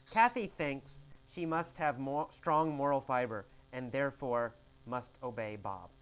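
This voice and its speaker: Male English teacher, slow, exaggerated Q&A storytelling, muffled lo-fi audio. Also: fairly high pitch, fairly bright tone. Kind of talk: question-and-answer story lesson.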